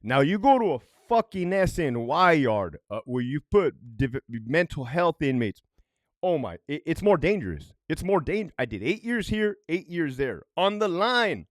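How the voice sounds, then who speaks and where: A middle-aged former correctional officer rants through his prison stories, cursing freely and tossing in "right?" after nearly every point. His voice sits fairly high and swings widely up and down as he gets worked up. The sound is close and dry. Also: a little slow, dry recording. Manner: profane, keeps asking "right?"; animated and worked up. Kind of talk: storytime commentary.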